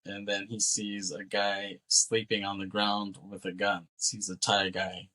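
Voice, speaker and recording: A man with a somewhat low voice co-hosts a casual movie podcast. He retells the plot in an animated, loose way, swearing freely and acting out the dialogue. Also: unhurried. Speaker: podcast co-host. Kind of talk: casual movie recap chat.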